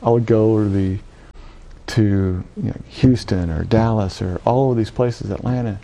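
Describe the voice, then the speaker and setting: A middle-aged man from Louisiana, a Catholic priest, giving an animated personal testimony and acting out the voices he quotes. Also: lowish voice, normal speed. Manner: animated storytelling, acts out quoted voices, frequent "right?". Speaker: Catholic priest telling his vocation story.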